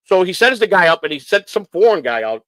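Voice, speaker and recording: A man from Chicago hosting a members-only livestream, telling stories in a blunt, profane, animated way. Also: sits high, quick pace, no echo, poor audio. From Chicago, United States. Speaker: livestream host. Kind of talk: casual storytelling.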